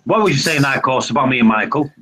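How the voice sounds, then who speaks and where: A man's voice: medium pitch, animated, quick pace, bright, forceful tone. A man from Manchester with a Manchester accent, bantering and laughing in a casual group video chat. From Manchester, England. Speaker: chat guest. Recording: muffled lo-fi call line with faint noise.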